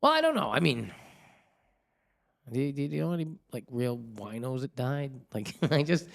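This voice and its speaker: A man's voice: mid-range voice, moderate pace, creaky. A middle-aged man hosting a podcast, chatting casually, swearing and joking. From New England. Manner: swearing, joking, animated impressions of others. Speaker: podcast host. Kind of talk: casual chat.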